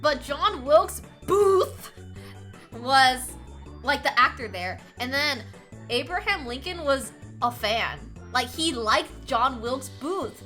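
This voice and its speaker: A woman's voice: high-pitched, animated, takes it slowly, sharp tone. A young woman streaming, chatting casually, rambling, laughing often and swearing. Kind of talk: casual chat. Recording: faint music behind.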